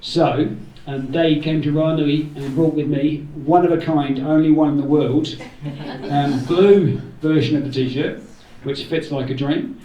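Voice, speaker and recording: A man's voice: on the high side, fairly even intonation, a little slow, mellow. A man gives an informal thank-you speech to a gathering, rambling a little with jokey asides. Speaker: event organiser giving thanks. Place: indoor community room. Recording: roomy hall, voice from far off.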